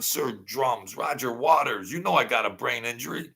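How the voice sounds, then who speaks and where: A man hosting an unscripted live-stream chat, rambling and animated, laughing often as he talks. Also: medium pitch, moderate pace, gravelly, hardly any pauses, breathy edge. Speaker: channel host.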